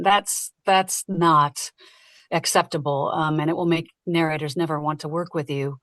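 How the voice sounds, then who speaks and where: A woman who narrates audiobooks, talking casually and lively in an interview and laughing easily. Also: deep voice, no echo. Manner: lively, chatty, quick to laugh.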